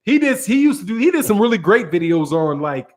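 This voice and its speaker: A high-voiced American man hosts his own boxing channel. He rants in loose, profane street slang, rambling and restarting as his points pile up. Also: very animated, brisk. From United States. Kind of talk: casual ranting commentary.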